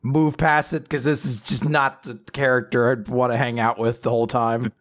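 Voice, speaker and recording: A man's voice: mid-range voice, little pitch movement, normal speed, a bit bright. A man co-hosting a casual chat, joking and swearing freely. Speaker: podcast co-host.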